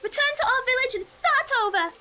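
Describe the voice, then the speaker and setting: Woman playing a game older sister, very high voice, bright tone, measured, caring but firm. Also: animated, slight background noise, exaggerated voice. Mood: stern concern.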